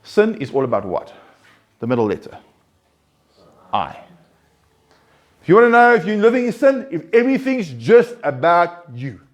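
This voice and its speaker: His high voice swings widely in pitch as he counsels a recovery group, speaking at normal speed with frequent pauses. The informal talk is earnest and conversational, full of restarts and points pushed with mounting emphasis.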